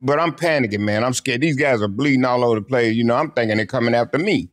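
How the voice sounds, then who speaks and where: An older man, an interview guest, telling lively stories from his career in a casual chat and acting out the quotes. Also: medium pitch, quick pace, few pauses. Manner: lively anecdotal storyteller who acts out quotes.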